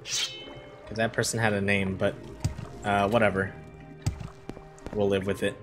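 A man streaming a game, rambling and reacting loudly to surprises in casual commentary. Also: lowish voice, level tone, measured pace. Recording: game music behind voice.

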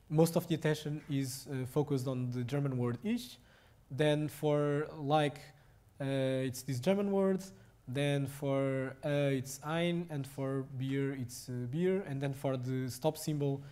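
Delivering a technical lecture, this young man speaks with a Portuguese accent, stumbling through frequent fillers and false starts. His pitch sits a touch high, and his tone is warm.

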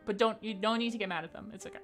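A woman's voice: mid-range voice, fast, soft background music. A woman game streamer chatting casually with her viewers, upbeat and giggly, rattling off names from the chat.

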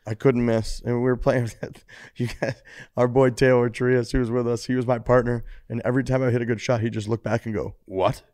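A man's voice: mid-range voice, level tone, a little fast, a little mellow. A man co-hosting a golf podcast, enthusiastic and laid-back, saying "dude" and "like" a lot. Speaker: podcast co-host. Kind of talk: casual chat.

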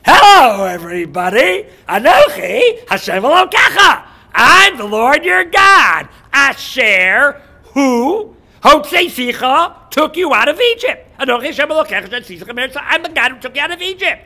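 A proclaiming divine voice calls out slow and loud, as a lecturer puts it on. It rides high and bright, with a tense ringing edge. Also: male voice, very animated, full character voice. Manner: proclaiming loudly, drawn out. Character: booming male God proclaiming himself.

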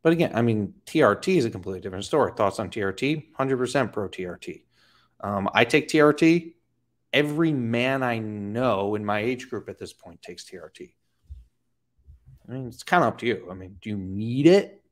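A blunt man talking casually about fitness from home, his pitch swinging up and down with a lively, animated delivery. He is profane and throws in sarcastic, mocking asides. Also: fairly quick. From Florida. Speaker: fitness coach. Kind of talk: casual talking-head commentary.

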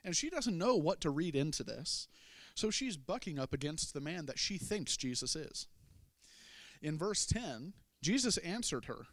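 A man's voice: on the high side, very animated, normal speed, fairly bright tone, no room sound, studio quality. A man preaching a sermon, telling a Bible story in a folksy way with humorous asides. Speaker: pastor.

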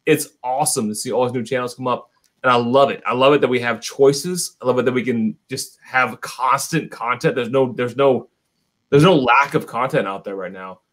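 A man's voice: mid-range voice, moderate pace, a bit bright. A man chatting as a guest on a whiskey livestream, tipsy, enthusiastic and chummy, calling people buddy. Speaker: whiskey YouTube co-host, guest. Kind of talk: casual livestream chat.

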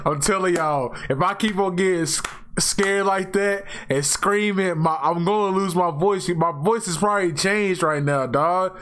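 Hoarse young man yelling through a horror game. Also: high-pitched, unhurried. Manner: loud, excitable, swears a lot, jumpy screams. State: hoarse, losing his voice. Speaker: gaming YouTuber. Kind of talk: horror game let's play commentary.

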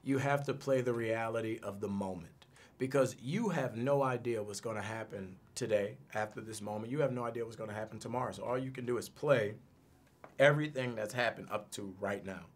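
A man's voice: on the low side, brisk. A man being interviewed as an actor, talking casually in a laid-back, joking and self-assured way in a studio interview room. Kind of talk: casual press junket chat.

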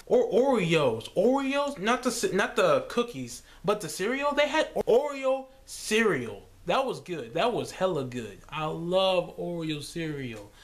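A young man vlogging in a casual rambling monologue, animated, slipping into silly voices and laughing. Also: sits high, measured pace, few pauses.

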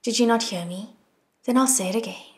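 A woman's voice: fairly high pitch, brisk, close to an everyday voice. A woman reading an audiobook, voicing a proud young prince who is defiant and grieving. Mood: calm. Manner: defiant, shouting.

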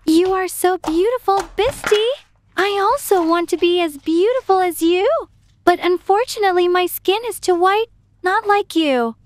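A woman's voice: extremely high pitch, moderate pace. A woman voicing a gushing, fake-innocent young woman in a storytime animation, dramatic in every line. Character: gushing young woman, attention-seeking pick-me girl.

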